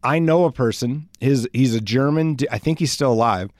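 A man's voice: mid-range voice, normal speed, darkish tone, dry recording, clean studio sound. A man from South Dakota hosting a casual solo podcast, rambling and self-deprecating as he jokes and tells stories. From South Dakota, USA. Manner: rambling, self-deprecating, jokey, puts on silly voices. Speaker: podcast host.

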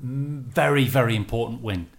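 A man guesting on a podcast, a radio football commentator answering questions in relaxed casual chat. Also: medium pitch, normal speed, vocal fry.

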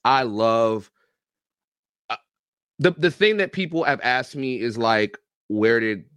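Animated, joking man telling stories. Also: medium pitch, slow pace, clean tone, no echo, studio quality. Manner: animated, profane, joking storyteller. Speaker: guest, football coach and YouTube reactor. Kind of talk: casual podcast interview storytelling.

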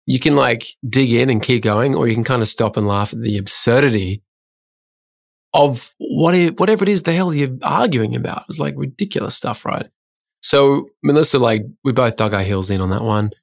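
A man's voice: medium pitch, normal speed, gravelly. A man co-hosting a podcast, telling stories in a casual, self-deprecating way. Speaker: podcast co-host. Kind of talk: casual conversation.

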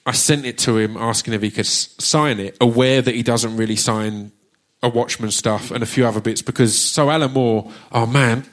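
Man with an Essex accent, casual stage chat, jokey and loose, drops the odd swear, keeps restarting sentences, mid-pitched voice, live audience Q&A. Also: fairly even intonation, moderate pace. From Essex, England. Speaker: performer hosting an audience Q&A. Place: theatre stage at a live book launch.

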